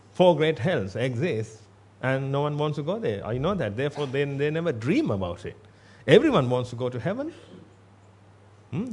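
A man's voice: on the high side, a little mellow, breathy edge. A man giving a Buddhist sermon in a blunt, emphatic way, repeating himself for stress. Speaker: Buddhist monk.

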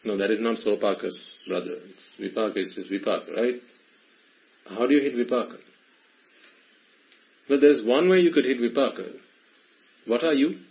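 A man's voice: medium pitch, moderate pace, creaky, pauses often, slightly rough, dull audio. A man giving a Buddhist teaching to a small group, questioning his listeners in a playful, probing way. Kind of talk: Dhamma talk to a small group.

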